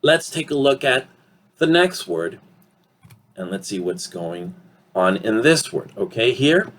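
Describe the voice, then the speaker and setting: Slow, deliberate male English teacher. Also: mid-range voice, sing-song, fairly bright tone. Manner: slow, deliberate, ends points with "okay?", many "um"s. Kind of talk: online English pronunciation lesson.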